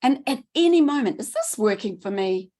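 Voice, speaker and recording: A middle-aged woman giving a training talk, enthusiastic and quick, repeating words for emphasis. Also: fairly high pitch, animated, dark tone. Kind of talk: presentation talk.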